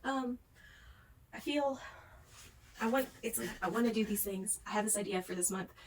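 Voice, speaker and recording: A woman's voice: fairly high pitch, moderate pace, distant mic, a little hiss or hum. A young woman ranting in a book vlog at home, rambling and swearing, worn out after a day of crying. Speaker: book vlogger. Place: home, with pets nearby.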